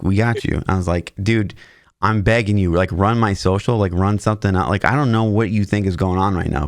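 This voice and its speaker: A man in his thirties, a podcast co-host, telling a long personal story in casual chat, acting out the lines of the people in it. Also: low-pitched. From Missouri, US. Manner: animated anecdote-telling, acting out quotes with shouts.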